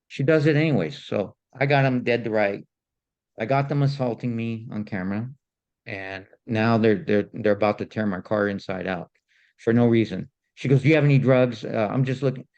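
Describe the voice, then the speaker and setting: A man casually telling a story on a podcast, animated and indignant, often repeating himself. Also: medium pitch, vocal fry, lo-fi sound. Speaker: podcast co-host.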